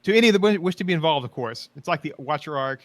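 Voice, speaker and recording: A man's voice: fairly high pitch, animated, rapid-fire, no room sound. A man co-hosting a podcast who tells rambling, enthusiastic stories in a casual chat about roleplay. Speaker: podcast co-host.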